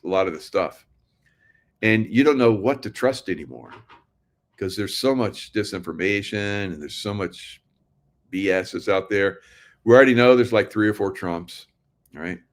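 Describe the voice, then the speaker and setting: A political commentary host with a low voice rants sardonically in a casual monologue to viewers, laughing often and rambling through repeated restarts.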